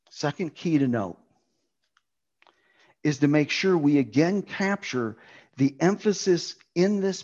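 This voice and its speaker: Slow, emphatic male preacher. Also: fairly high pitch, darkish tone, highs cut off. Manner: emphatic, repeats key words. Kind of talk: sermon on a Bible passage.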